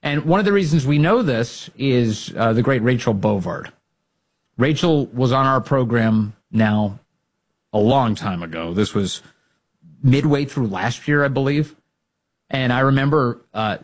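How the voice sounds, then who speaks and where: Fired-up male political talk host. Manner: emphatic, rallying, swings to high pitch when fired up. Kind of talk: opinionated commentary.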